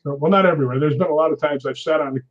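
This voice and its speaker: A middle-aged man telling a story in an interview, animated and acting out quoted lines. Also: on the high side, rapid-fire. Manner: animated anecdote teller, acts out quotes. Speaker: stunt performer guest. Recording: dull lo-fi audio.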